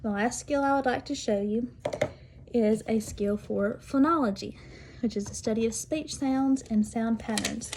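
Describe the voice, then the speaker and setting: A woman teacher demonstrating literacy activities, speaking clearly and deliberately and sounding out word parts slowly. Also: on the high side, darkish tone, a little hiss or hum. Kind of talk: instructional demonstration.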